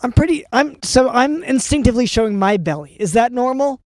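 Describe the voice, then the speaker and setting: Halting male podcast host. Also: very high-pitched, expressive, a little mellow, dry recording, studio quality. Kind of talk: comedic podcast banter.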